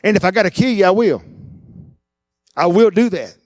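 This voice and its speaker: A man preaching a sermon, animated and acting out the voices he quotes. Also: high voice, moderate pace, dry recording, clean studio sound. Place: church.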